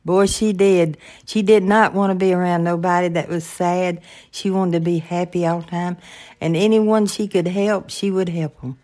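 An older woman talks casually as a podcast co-host. She speaks in a warm, folksy, agreeable way, and her voice sits a little low for a woman. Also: steady tone, normal speed. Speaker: podcast co-host, the host's mother. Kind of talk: casual faith-based podcast chat.

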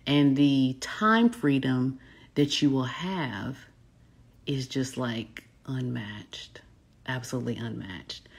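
A woman with a Southern accent, a business coach chatting casually with live viewers in a smooth, folksy way, saying y'all a lot. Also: very deep voice. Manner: folksy, says y'all often, smooth delivery.

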